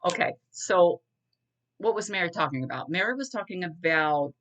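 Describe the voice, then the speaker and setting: A woman's voice: on the low side, animated, moderate pace, fairly bright tone, a little hiss or hum. A middle-aged woman, talking earnestly and rambling a bit in a casual solo monologue to her viewers. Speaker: vlogger.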